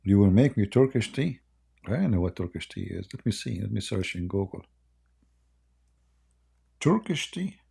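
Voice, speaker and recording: Guy on a live stream, gravelly and kinda husky, teasing and rambling, voice wearing out. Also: on the low side, big pitch swings, moderate pace, pauses often, mellow. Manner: mocking, rambling, laughs often. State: losing his voice. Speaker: live-stream debate host. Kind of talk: casual live-stream chat.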